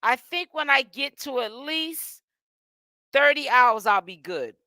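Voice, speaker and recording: Sassy chatty woman, bright voice. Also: high-pitched, lively intonation, takes it slowly, no room sound, clean studio sound. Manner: sassy and chatty, full of "honey" and "child" asides. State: tired and yawning while fasting. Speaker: gossip commentary vlogger. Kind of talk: casual chat.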